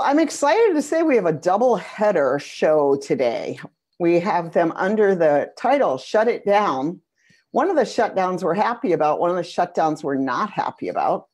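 A woman's voice: on the low side, darkish tone. Chatty woman hosting a call-in show. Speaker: host. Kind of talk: casual video call talk show.

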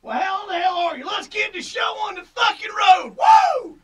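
A man's voice: very high voice, big pitch swings, moderate pace, a bit bright, shouting, recorded from a distance, full character voice. A man playing a rowdy, drunken old male preacher who hollers and rambles in a slurred voice for an improvised comedy sketch.

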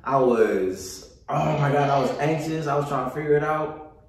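A man leading a kids' yoga lesson on a video call, hyping the children up, then guiding slow breathing in a soft voice. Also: a little high, flat delivery. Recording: echoey room, far from the mic.

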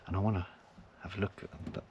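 A man casually vlogging from his van at a forest campsite, rambling and chuckling, sometimes dropping to a hush so he isn't overheard, with a handheld camera picking up his voice. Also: low voice, level tone, racing, lo-fi sound. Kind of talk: casual camping vlog chat. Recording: noisy outdoor ambience.

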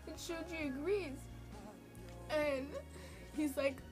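A woman with a high voice and a stuffy, nasal tone from a cold talks through a drama she loved, emotional and rambling, full of fillers. Her voice comes through a tablet's built-in mic, with music plainly audible underneath. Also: fairly even intonation, takes it slowly, pauses often. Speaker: drama reviewer. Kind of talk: casual spoken review.

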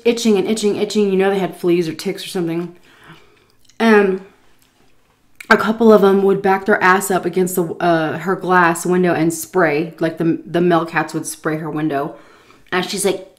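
A woman casually telling a story while eating, animated and swearing freely. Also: on the low side. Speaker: vlogger.

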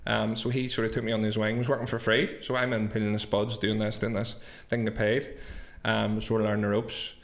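A man's voice: lowish voice, flat delivery, fairly quick, creaky, hardly any pauses. Man, 30s, Belfast accent, podcast guest, casual storyteller who swears a lot. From Northern Ireland. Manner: swears freely, tells stories with quoted dialogue. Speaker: guest, business owner.

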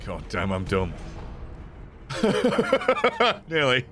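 A man streaming a video game, swearing, yelling in frustration and laughing at himself as he talks to the game. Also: fairly low pitch, sing-song, normal speed, music in the background. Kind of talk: casual gameplay commentary.

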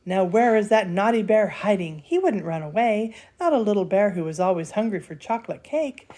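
An older woman, a grandmother, reading a bedtime storybook aloud in a lively, playful way. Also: mid-range voice, normal speed. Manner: lively, playful, does character voices.

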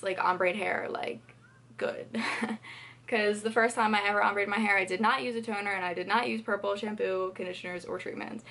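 A woman's voice: mid-range voice, gravelly, fairly bright tone. Young woman, beauty vlogger, casual talk-to-camera delivery, filler-heavy and chatty.

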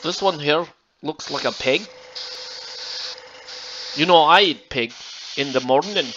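A man's voice: fairly high pitch, slow, highs cut off, background noise. Self-amused man rambling while painting. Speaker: miniature painting channel host. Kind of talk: casual chat while painting.

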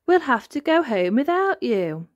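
A woman voicing a cheerful, kindly male elephant in a read-aloud storybook, with a bright, teasing manner. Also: high voice, big pitch swings, unhurried, no room sound, highs cut off, voice pushed up.

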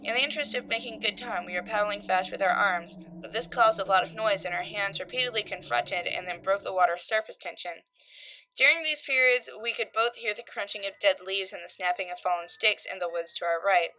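A woman narrating a creepypasta horror story, voicing its characters with shifts in pitch and loudness. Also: brisk, background noise. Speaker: creepypasta reader. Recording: faint background music.

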